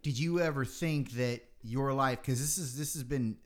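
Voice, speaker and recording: A man's voice: medium pitch, normal speed. A man hosting a podcast, asking long, rambling, reflective questions in casual talk. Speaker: podcast host. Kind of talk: casual interview.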